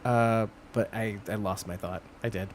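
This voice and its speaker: A man's voice: fairly low pitch, normal speed, a little hiss or hum. Rambling man in casual live chat. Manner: rambling, self-interrupting, lively put-on quotes. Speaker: co-host.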